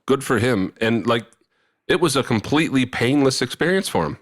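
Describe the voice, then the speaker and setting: A man's voice: mid-range voice, moderate pace. A man co-hosting a podcast, telling funny stories with a laugh and acting out the voices of the people in them. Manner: animated, laughing often, acting out quoted voices. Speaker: podcast co-host. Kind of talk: casual chat, comic storytelling and live ad read.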